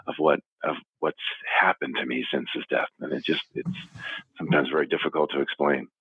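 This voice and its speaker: Deep-voiced man, husky, earnest, halting, tinny phone sound, dry. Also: steady tone, dry recording. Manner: earnest, halting with restarts, walking while talking. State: teary. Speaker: interview guest, foundation founder. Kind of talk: emotional phone interview. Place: his office. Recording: phone line.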